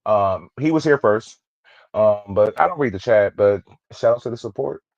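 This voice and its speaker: A man's voice: fairly low pitch, expressive, gravelly, a little mellow, no room sound. Laid-back Californian man on dull call-in audio. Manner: laid-back, laughs things off, drawn-out storytelling. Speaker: guest on a live stream. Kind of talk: casual live stream chat.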